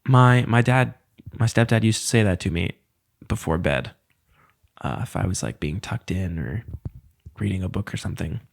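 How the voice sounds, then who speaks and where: A man of about thirty talks through a solo podcast episode in a loose, rambling way and pokes fun at himself. His voice sits somewhat low and carries a gravelly, frayed texture. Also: moderate pace, long pauses. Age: around 30. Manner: rambling, self-deprecating, loose and conversational. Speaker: podcast host. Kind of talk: casual solo podcast monologue.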